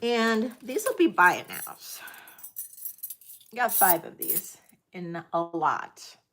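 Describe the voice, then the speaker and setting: Slow, chatty woman hosting a jewelry sale. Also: on the low side, sing-song, fairly bright tone. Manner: chatty, self-deprecating, scattered. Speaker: live jewelry auction host. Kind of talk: casual live-stream selling chat.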